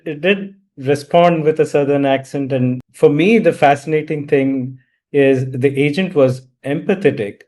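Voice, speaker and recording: Man, host, inquisitive, halting questions. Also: a little high, darkish tone. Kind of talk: interview.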